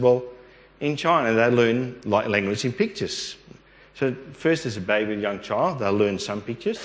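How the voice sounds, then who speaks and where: An older man giving a rambling testimony in a church hall, acting out the dialogue he recalls. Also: medium pitch. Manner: rambling, acts out quoted dialogue. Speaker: church member sharing testimony. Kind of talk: storytelling testimony. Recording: echoey hall.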